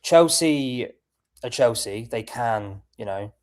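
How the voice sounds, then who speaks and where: A man co-hosting a football chat, weighing things up in a measured way. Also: medium pitch, lively intonation, a little mellow. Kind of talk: casual chat.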